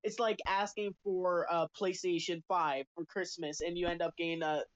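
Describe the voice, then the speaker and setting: A man's voice: high voice, steady tone, moderate pace, lo-fi sound. A man co-hosting a casual podcast chat, speaking loosely with fillers and swearing.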